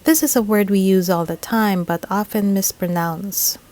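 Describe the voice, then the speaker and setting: A woman's voice: medium pitch, steady tone, a little mellow, poor audio. A woman, teaching English pronunciation in a scripted lesson, repeating each word carefully. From Philippines. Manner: slow, deliberate, repeats each word several times. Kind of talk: scripted instructional narration.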